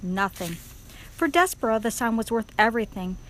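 A woman's voice: a little high, moderate pace, slight background noise, rough recording. A woman reading a children's storybook aloud expressively, speaking straight to the reader. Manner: expressive, addresses the reader directly.

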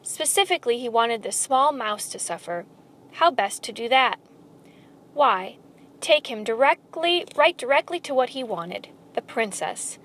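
A woman reading a children's storybook aloud, expressive and speaking straight to the listener. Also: on the high side, a little slow. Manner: expressive, addresses the listener directly.

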